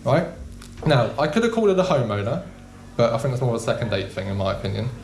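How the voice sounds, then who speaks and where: A young man doing a stand-up comedy set in a small club, deadpan and casual with frequent ums. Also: mid-range voice, fast, a little hiss or hum. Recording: echoey room.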